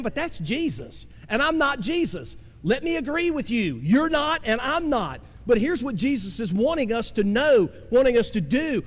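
A man preaching a sermon as pastor, swinging from impassioned cries down to slow, low emphasis. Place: church sanctuary. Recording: long hall reverb.

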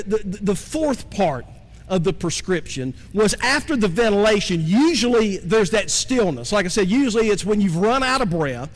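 A man preaching a sermon in a conversational style, often putting questions to his congregation. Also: high voice. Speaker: pastor. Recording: long reverb from a large hall.

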